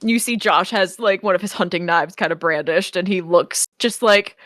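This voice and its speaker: A woman's voice: on the low side, fairly bright tone, no room sound. A woman narrating a tabletop role-playing game as game master, laughing often between lines. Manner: laughs often, quick asides.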